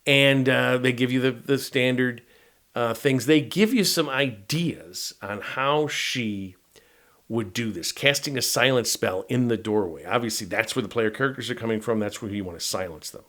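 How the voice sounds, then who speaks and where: A man's voice: medium pitch, normal speed, a bit bright. A middle-aged man and tabletop game master, explaining a game module in a casual, rambling walkthrough that he often punctuates with "right?". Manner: rambling, conversational, with frequent "right?" tags.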